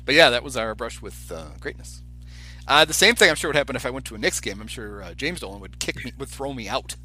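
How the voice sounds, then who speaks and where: Animated, bright-voiced male storyteller. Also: medium pitch, fast, soft background music. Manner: animated anecdote teller, acts out quoted voices. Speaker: podcast co-host. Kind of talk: casual storytelling chat.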